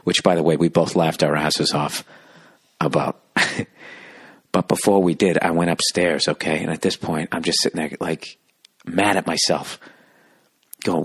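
A man hosting a podcast, telling a story in a profane, animated, exasperated way. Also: deep voice, unhurried, long pauses, breathy edge, no room sound, clean studio sound. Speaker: podcast host, comedian. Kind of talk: ranting comic storytelling.

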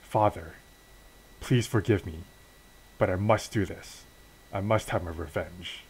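A man voicing a determined young woman wrestler who talks slowly and solemnly about her resolve. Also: low voice, darkish tone, slightly rough, rough recording.

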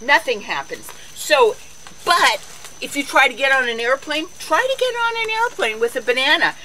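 A woman's voice: high-pitched, very animated, moderate pace, pushed and bright, slight background noise, low-quality recording. A woman hosting a casual cooking and garden show outdoors, chatty and folksy, chatting to her animals as she goes. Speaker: host of a lifestyle show.

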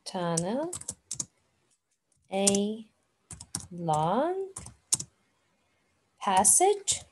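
A woman teaching an English lesson, speaking slowly and repeating words for learners. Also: medium pitch, big pitch swings, darkish tone, slight background noise. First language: Arabic. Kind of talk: online classroom lesson.

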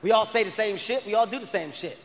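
A man performing a loud, profane stand-up comedy set, telling an animated story. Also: sits high, fast, gravelly. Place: large theater stage. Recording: live stage mic with hall reverb.

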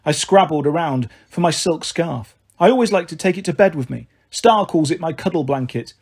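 A man reads a children's novel aloud in a steady, gentle delivery. His voice sits a little high and has a husky edge. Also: normal speed. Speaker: storyteller.

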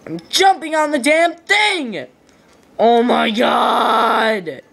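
A woman playing a platform game and yelling frustrated complaints and curses at it. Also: high voice, lively intonation, drawn-out words, creaky, soft background music. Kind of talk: rage gameplay commentary.

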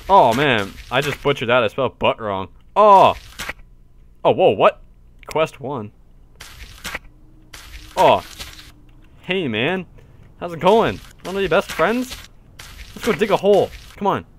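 A man giving casual let's-play commentary, excitable, cursing often and yelping in surprise. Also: fairly high pitch, unhurried, pauses often, a little hiss or hum. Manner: excitable, swears often, yelps and shouts in surprise. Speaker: gaming video host.

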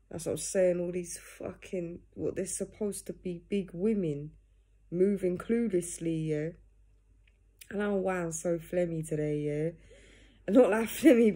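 A woman's voice: on the low side, dark tone, slightly rough. Earnest young woman tagging every phrase with "yeah?". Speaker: vlogger. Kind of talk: casual talk to camera. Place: at home in pajamas. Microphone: phone or camera.

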